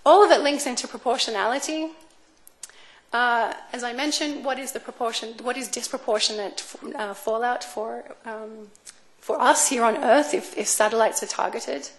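A woman gives an academic talk in a lecture room, her voice sitting a little high. She speaks in a measured, careful way, pausing on fillers and restarting phrases as she thinks. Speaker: speaker on space law.

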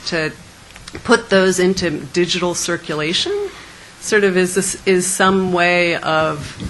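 Thoughtful woman artist, low and hesitant. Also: steady tone, a little slow, fairly bright tone, a little hiss or hum, poor audio. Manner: thoughtful, hesitant, many fillers. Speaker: presenting artist. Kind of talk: conference Q&A.

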